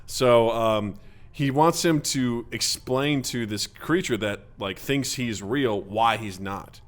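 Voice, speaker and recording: A man co-hosting a casual podcast, animated and jokey, acting out quotes in exaggerated voices. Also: mid-range voice, takes it slowly. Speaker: podcast co-host. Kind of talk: casual chat.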